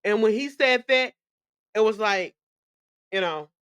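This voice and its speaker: A young woman recounts her own experience as a podcast host, in a candid, emphatic way that loops back on words. Her speech is slangy and casual, her pitch sits mid-range for a woman, and the recording is close and dry with no room sound. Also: lively intonation, a little slow, fairly bright tone, clean tone, no echo. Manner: candid and emphatic, with frequent repetitions. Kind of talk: personal storytelling.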